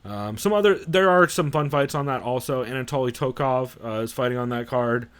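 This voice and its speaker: A man in casual podcast chat, opinionated and loose. He rambles through restarts and swears freely. His voice sits at an ordinary middle pitch. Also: brisk, a bit bright, clean tone. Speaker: podcast co-host.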